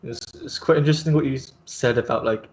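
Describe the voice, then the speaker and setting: Male host, mid-pitched, casual and rambling, lots of "like" and "um". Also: fast. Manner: rambling, many fillers and restarts. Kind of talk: casual video chat interview.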